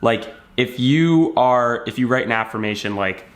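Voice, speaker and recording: A man speaking casually to his viewers about self-improvement. He explains his point through a story and slips into bits of acted-out dialogue as he goes. His voice sits at an ordinary middle pitch for a man. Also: moderate pace, few pauses. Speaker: self-help video creator. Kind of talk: casual motivational talk to camera.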